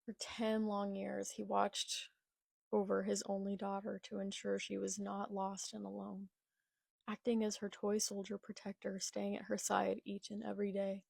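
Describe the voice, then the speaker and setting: A young woman reading a manga aloud and reacting live, excitable, with gasps and whispered asides. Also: medium pitch, normal speed, gravelly, husky, dry recording, clean studio sound.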